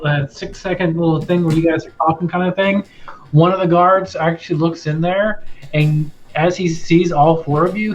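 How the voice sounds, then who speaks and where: A man narrating a tabletop game as game master, talking in a loose, rambling way. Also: on the high side. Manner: loose and rambling, many fillers. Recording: lo-fi with faint music.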